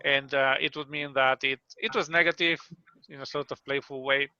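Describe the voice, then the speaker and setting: A man's voice: medium pitch, steady tone, moderate pace, pushed and bright, clear, resonant tone, dry recording. Chatty man hosting a video call. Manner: chatty, self-deprecating, explains with restarts. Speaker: meeting host. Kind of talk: online club meeting, casual hosting. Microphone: computer mic on video call. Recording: dry, slightly dull call audio.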